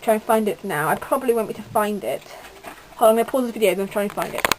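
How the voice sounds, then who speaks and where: A woman's voice: mid-range voice, animated, racing, background noise. A teenage girl from the UK giving a rambling, gushing casual book review with lots of fillers. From United Kingdom. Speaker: book vlogger.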